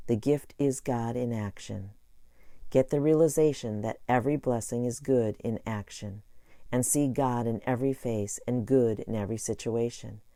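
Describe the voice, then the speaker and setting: A man calmly narrating an inspirational self-help audiobook into a close mic. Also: mid-range voice, no echo. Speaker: audiobook reader.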